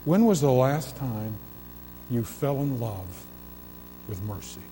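Slow, mellow-voiced man preaching in a reverberant hall. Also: medium pitch, lively intonation, a little hiss or hum. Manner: emphatic preaching with swelling repeated phrases. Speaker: pastor. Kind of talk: sermon. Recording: long reverb of a large hall.

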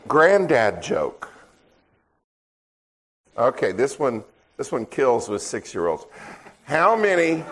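An older man, a guest preacher, opening his sermon in a relaxed, joking, self-deprecating way before turning to scripture. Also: mid-range voice. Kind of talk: sermon with dad jokes.

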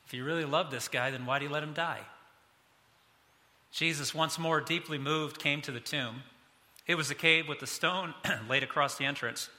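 A middle-aged man preaching a sermon as pastor, animated, his voice climbing high when he gets excited. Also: normal speed, long reverb tail.

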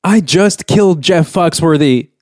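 A man's voice: fairly high pitch, unhurried, darkish tone, no room sound, clean studio sound. A man hosting a comedy podcast, incredulous and exasperated at his co-host in an improvised bit.

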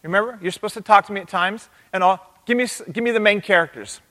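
A man preaching in a church sanctuary, his fairly high voice echoing off a large, reverberant hall. He is animated and keeps calling on the congregation to answer him. He reads from a summary as he goes. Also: quick pace. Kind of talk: interactive sermon.

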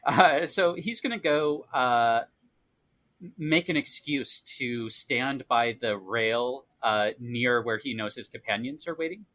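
A man's voice: medium pitch, slow, a bit bright. A man playing a tabletop game, casual and hesitant, often searching for his words. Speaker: player.

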